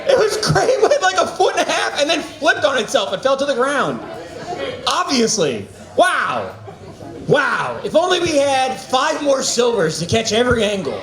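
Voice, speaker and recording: A male open-mic host firing off excited, teasing remarks. His voice runs high and bounces around in pitch. An audience is clearly heard in an echoey room. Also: normal speed, some chatter behind. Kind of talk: hosting stand-up open mic. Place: small comedy venue.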